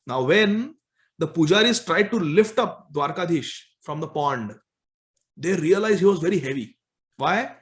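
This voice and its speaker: A man telling a devotional story in a talk, animated and chuckling as he goes. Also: fairly high pitch, unhurried. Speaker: spiritual speaker.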